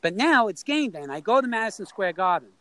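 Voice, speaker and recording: A middle-aged man from New York tells a story in a relaxed, conversational way. His voice sits fairly high, and he keeps jumping into the voices of the people in it. The sound is close and dry, with no room around it. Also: quick pace, no echo, rough recording. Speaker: storyteller guest. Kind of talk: casual anecdote telling.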